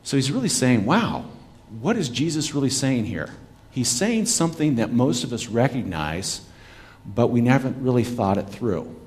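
A man's voice: medium pitch, very animated, moderate pace, darkish tone. A man giving a sermon as a pastor, talking conversationally with the congregation and asking rhetorical questions. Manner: talks back with listeners.

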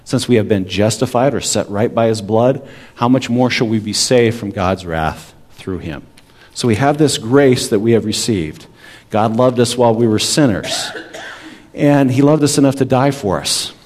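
A man's voice: medium pitch, normal speed, darkish tone. A man in his forties, a pastor, preaching a sermon in a conversational way and often checking in with the congregation.

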